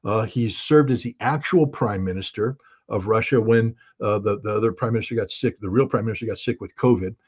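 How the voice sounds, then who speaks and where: A commentator gives casual spoken analysis in an emphatic, folksy manner, using everyday analogies and acting out quotes to make his points. His voice is fairly low, a little mellow and husky, and fairly quick, and the audio sounds dull.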